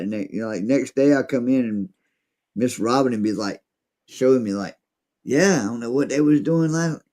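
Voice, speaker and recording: A man's voice: mid-range voice, mellow. A man telling a rambling, profane story in casual chat, acting out what people said. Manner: rambling, profane, acts out quotes.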